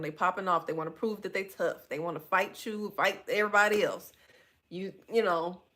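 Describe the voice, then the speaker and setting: A woman's voice: medium pitch, fairly bright tone. A woman, talking candidly and with animation, calling her listeners y'all. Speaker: podcast host. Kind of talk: solo podcast talk reading live chat.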